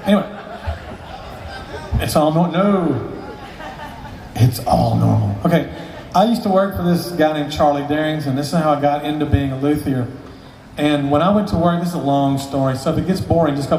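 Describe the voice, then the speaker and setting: A man's voice: on the high side, darkish tone, a little hiss or hum. A man telling a long story, rambling and profane, with joking asides. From Southern US. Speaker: storyteller, luthier. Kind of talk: casual live storytelling. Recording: echoey hall, distant mic, faint ambience.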